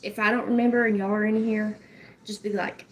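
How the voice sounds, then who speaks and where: A woman with a drawl chats casually on her livestream. She keeps things joking and loose, laughs easily and swears playfully. Her voice sits at a middling pitch. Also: level tone, a little fast. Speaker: livestream host.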